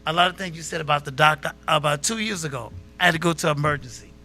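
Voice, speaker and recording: A man's voice: a little high, quick pace, soft background music. A man hosting a local talk show, chatting casually and acting out the people in his stories. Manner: animated storytelling, acts out quotes.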